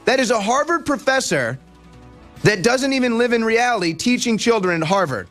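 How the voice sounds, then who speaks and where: A man's voice: very high-pitched, animated, normal speed, fairly bright tone, faint music behind. A man hosting a political talk show, delivering sarcastic, mocking and emphatic commentary.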